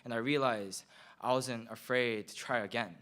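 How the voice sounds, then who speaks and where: Young man, Korean accent, earnest slam poet reading his own verse at a school event, mid-range voice, steady and measured. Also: medium pitch. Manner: earnest, measured, repeats phrases for effect. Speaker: student poet. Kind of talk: slam poetry performance.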